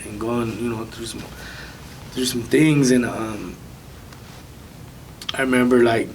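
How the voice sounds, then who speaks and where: A man speaking as an interview guest, telling a personal testimony in a soft, halting way with many pauses. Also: mid-range voice, far from the mic, a little hiss or hum, poor audio.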